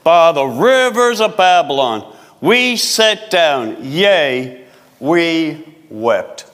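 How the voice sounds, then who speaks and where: High-voiced preaching man in a reverberant hall. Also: sing-song, a bit bright. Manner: preaching with emphatic repetition, drawn-out phrases. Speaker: pastor. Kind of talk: sermon.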